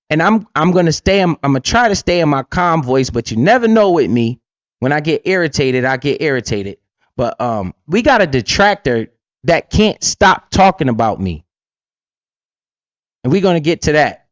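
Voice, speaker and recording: A man's voice: fairly high pitch, no echo, dull audio. A man hosting a casual livestream, talking bluntly with lots of swearing and keeps asking "right?". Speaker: livestream host and crypto investor.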